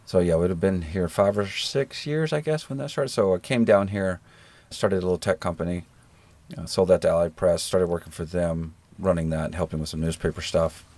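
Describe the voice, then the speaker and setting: A middle-aged American man with a very deep, husky voice, talking as a guest in a relaxed interview. He tells stories in an easygoing, self-deprecating, folksy way. The sound is dry and close. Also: a little fast, no echo. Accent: generic American. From rural Georgia, American South. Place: living in New Zealand.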